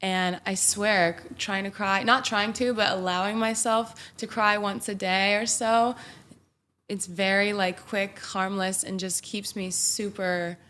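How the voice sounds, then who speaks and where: A woman's voice: medium pitch, fairly even intonation, unhurried, a bit bright. A young woman from Mississippi, a podcast guest, talking openly and reflectively in casual chat with filler words. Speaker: podcast guest, singer-songwriter.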